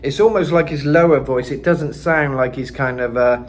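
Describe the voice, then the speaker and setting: A man's voice: mid-range voice, moderate pace, a little hiss or hum. A man giving a casual singing lesson, explaining in a loose, rambling way with lots of fillers. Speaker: vocal coach.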